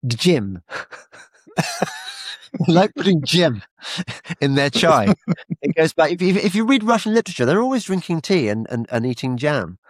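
Hosting a podcast, a British man with a fairly high voice rambles through a casual conversation, often stumbling and repeating himself. His pitch swings widely, he speaks at normal speed with long pauses, and the studio recording is dry and clean.

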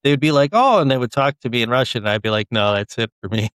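A young man explains his views earnestly, pausing often with ums and restarting his sentences. His pitch is middling. The sound is dry and close to the mic. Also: lively intonation, fairly bright tone, clear, resonant tone, dry recording. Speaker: author and guest. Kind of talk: casual interview chat.

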